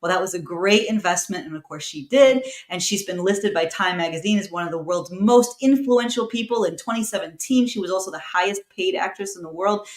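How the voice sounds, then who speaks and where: A woman co-hosting a casual talk show, chatty and playful, quick to laugh. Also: lowish voice. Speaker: co-host introducing the show. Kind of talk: casual chat. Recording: echoey room.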